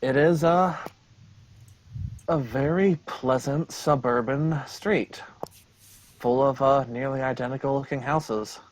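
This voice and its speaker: A man running a tabletop game as game master, describing scenes in a relaxed way with frequent pauses. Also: mid-range voice, slight background noise.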